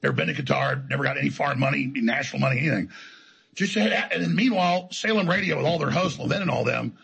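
A man's voice: a little high, expressive, quick pace, vocal fry, fairly bright tone, slightly rough, rough recording. A man telling his story as an interview guest, in an emphatic, defiant, rambling way. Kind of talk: heated conversational storytelling.

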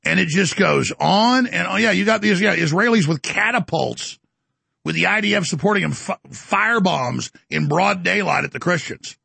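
A man hosts a talk show and rants through a boastful political monologue. His voice is high and swings widely, with a very gravelly, husky edge and a sharp, forceful tone. He slips into mocking voices as he goes. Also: lively intonation, normal speed, no room sound. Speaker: commentary show host.

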